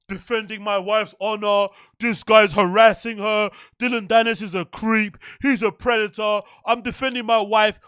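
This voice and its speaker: Guy ranting, high sharp voice, swears a lot, dry close sound. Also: no echo. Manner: animated, profane, repeats himself in exasperated bursts. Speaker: show host. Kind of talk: ranting commentary.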